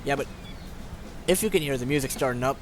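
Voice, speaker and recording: A man's voice: medium pitch, fast, noisy background. A man hosting a let's play, giving casual, rambling commentary full of swearing. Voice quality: profane, rambling, offhand. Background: game music.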